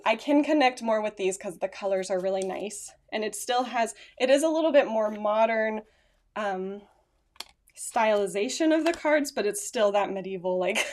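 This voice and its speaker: A woman talks casually into her phone camera at home. She rambles, stops to correct herself, and laughs a little as she goes. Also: mid-range voice. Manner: chatty, rambling, self-correcting with small laughs. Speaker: vlogger. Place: at home, indoors.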